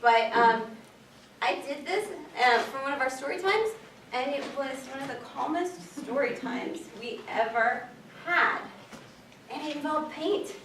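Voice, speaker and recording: A woman librarian giving a casual, animated workshop talk, chatting with plenty of fillers. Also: high-pitched, a little slow. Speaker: children's librarian presenting at a workshop. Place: meeting room at a public library. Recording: echoey room, distant mic, faint noise.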